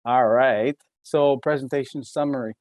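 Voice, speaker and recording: A man's voice: medium pitch, steady tone, moderate pace, a little mellow, dry recording. Hesitant French-accented man presenting. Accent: Québécois French. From Quebec. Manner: hesitant, many uh fillers and restarts. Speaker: engineer presenting a webinar.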